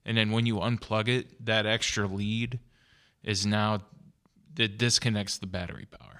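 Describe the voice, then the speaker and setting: Male podcast co-host, bright and forceful, lowish voice, chatty storyteller. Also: fairly even intonation, moderate pace. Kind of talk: casual chat.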